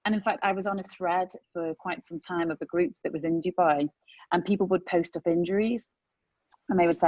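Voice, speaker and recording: A woman talking as a medical guest on a podcast, emphatic and animated as she explains. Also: on the low side, fairly quick, dry recording. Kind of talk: casual podcast chat. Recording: dull dry podcast audio.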